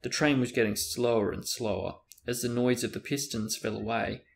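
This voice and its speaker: A man hosting a show, reading a novel aloud in steady narration with occasional stumbles. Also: medium pitch, moderate pace, vocal fry. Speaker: host reading a book aloud. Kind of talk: book reading with character voices.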